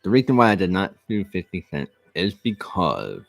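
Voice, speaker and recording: A man with a very low voice tells a personal story straight to the camera. He speaks earnestly and haltingly, circling back and repeating phrases as he goes. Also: wildly swooping pitch, gravelly. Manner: earnest, repetitive, halting restarts. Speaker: vlog host.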